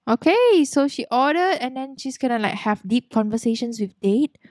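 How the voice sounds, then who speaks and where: A young woman hosting a let's play, narrating a life-sim game in a bubbly, excitable way. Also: high voice, moderate pace, no echo, studio quality. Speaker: gaming channel host.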